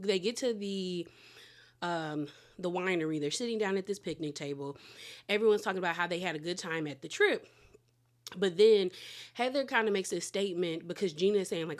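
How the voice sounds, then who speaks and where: Lowish voiced woman doing a reality tv recap, play by play, quoting everyone. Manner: brisk play-by-play with quoted dialogue. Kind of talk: casual episode recap.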